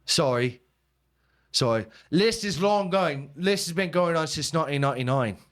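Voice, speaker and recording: A man doing a stern official at a checkpoint, clipped and bureaucratic, pitched a little above his own talk. He rattles off rules like reading from a list. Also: expressive, normal speed, fairly bright tone. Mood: curt.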